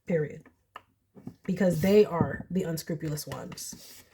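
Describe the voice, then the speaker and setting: A young woman giving a casual pick-a-card tarot reading, chatty and animated, often laughing. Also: low-pitched, unhurried, slight background noise. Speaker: tarot reader.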